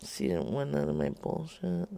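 A woman co-hosts a loose, casual show and places calls to strangers. Her speech is slow and halting, low-pitched with a gravelly fry, and it rises and falls widely. She giggles often between her lines. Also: very animated, warm tone. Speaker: co-host making prank-style phone calls. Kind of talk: casual chat on a live call-in stream.

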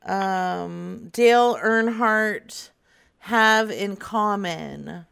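A woman's voice: medium pitch, extremely slow, creaky, a bit bright, clean tone. Brash teasing woman prank caller. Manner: teasing, brash, laughing often. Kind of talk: prank phone call.

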